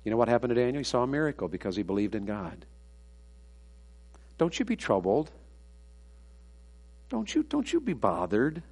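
A man preaching a sermon, swinging between loud, emphatic preaching and hushed, confiding storytelling. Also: medium pitch, sing-song, normal speed, pauses often. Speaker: pastor.

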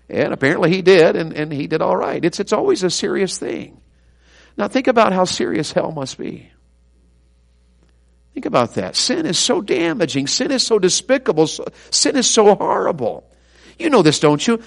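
A man preaching a sermon, telling stories and swinging from loud emphatic cries to quiet, low asides. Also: expressive, brisk, vocal fry.

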